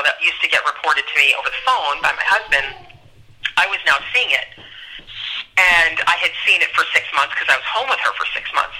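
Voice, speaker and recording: Bright-voiced earnest middle-aged woman. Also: sits low, poor audio. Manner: earnest, reflective, emphatic. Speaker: podcast guest. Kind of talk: candid personal storytelling.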